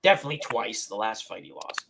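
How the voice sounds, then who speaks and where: A man's voice: lowish voice, very animated, quick pace, vocal fry. A man hosting a casual live-stream chat, rambling and opinionated, restarting sentences often. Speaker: host. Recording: noisy home mic.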